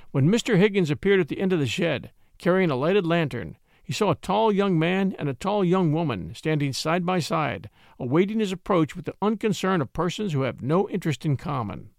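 Male storyteller, fairly high voice, expressive reading, dry studio sound. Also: a little fast, vocal fry, hardly any pauses, dry recording. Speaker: narrator. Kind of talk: scripted storybook narration.

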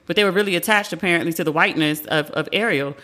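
A woman's voice: on the low side, racing, pushed and bright. A woman in her forties hosting a casual pop culture podcast, talking candidly, swearing freely and acting out quotes. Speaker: podcast host.

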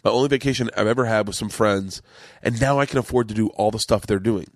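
A man's voice: lowish voice, fast talker, no echo. Profane storytelling man, dry close sound. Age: middle-aged. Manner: rambling, profane, acts out quotes. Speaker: podcast host, comedian. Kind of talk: casual storytelling chat.

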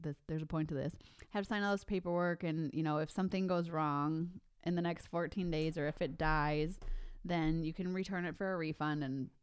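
A woman and mother telling a family story in casual chat, animated, laughing often and acting out what others said. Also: low-pitched, moderate pace, few pauses, smooth, dry recording.

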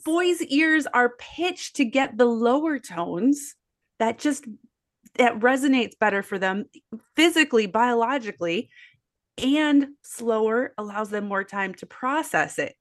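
A woman's voice: a little high, expressive, a little slow. A mother of boys in casual conversation, earnest and explanatory. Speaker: parenting podcast host or guest, mother of boys.

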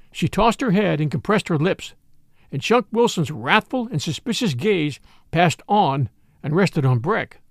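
Brief: male audiobook narrator, expressive reader, raised pitch, dry close sound. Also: a little slow, vocal fry, no room sound. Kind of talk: scripted narration.

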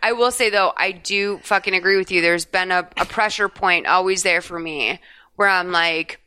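A woman's voice: on the low side, normal speed, pushed and bright, clean tone. A woman podcast host casually recapping a TV episode, chatty and swearing freely as she retells scenes.

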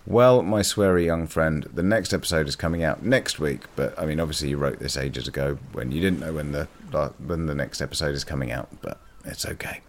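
A man with a very low, deep voice hosts a podcast and reads listener submissions aloud. He rambles and swears freely, a bit tipsy from wine, and stays loose and self-deprecating. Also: brisk, hardly any pauses, slight background noise. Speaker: podcast host. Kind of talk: casual podcast chat reading listener submissions.

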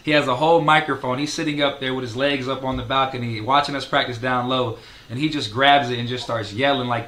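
A man's voice: mid-range voice, sharp tone, a little hiss or hum. A young man, a college basketball player, talking casually in an interview, with many fillers. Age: young adult.

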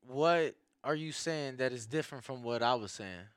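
A man's voice: mid-range voice, moderate pace, clear, resonant tone, dry recording, studio quality. A young man co-hosting a casual podcast, talking in slang, saying "bro" a lot and often restarting his sentences. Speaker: podcast co-host. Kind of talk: casual chat.

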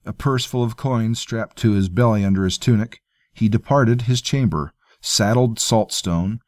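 A man reading a fantasy story aloud in a measured, even storytelling manner. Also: lowish voice, no echo, clean studio sound. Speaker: audiobook narrator. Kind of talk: scripted fantasy narration.

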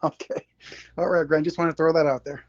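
Halting, higher-voiced male caller. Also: flat delivery, a little mellow, no room sound, dull audio. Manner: halting, full of fillers, searching for words. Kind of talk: casual call-in chat.

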